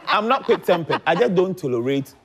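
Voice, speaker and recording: Animated Ghanaian man telling stories. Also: high voice, brisk, breathy edge. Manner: animated, laughs while telling stories, acts out quotes. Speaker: guest. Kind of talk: casual chat, storytelling.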